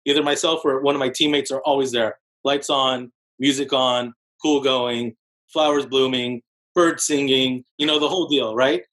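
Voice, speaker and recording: A man in his forties, a podcast guest, telling his story in an animated, casual way with many fillers like "like". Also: moderate pace, rough recording. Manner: animated storyteller, heavy use of "like", jumps into higher voices for quotes. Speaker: podcast guest, real estate broker.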